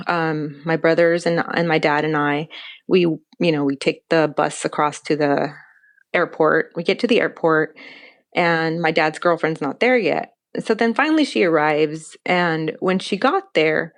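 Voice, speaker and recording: A young adult woman telling a personal story as a podcast guest, animated and acting out quoted dialogue. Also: fairly low pitch.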